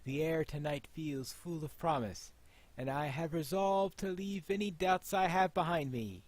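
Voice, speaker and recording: A man reads out a grave ranger lord, dropping his fairly high voice into slow, weighty lines. The sound is dry and close, with no room around it. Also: no room sound. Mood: solemn. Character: noble ranger king, grave and solemn man. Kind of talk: reading quest dialogue aloud.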